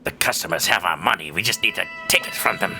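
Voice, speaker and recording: A young man streaming a game, chatting casually in a goofy, rambling way with sudden high silly yells. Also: quick pace, vocal fry. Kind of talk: casual gameplay commentary. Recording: game music under the voice.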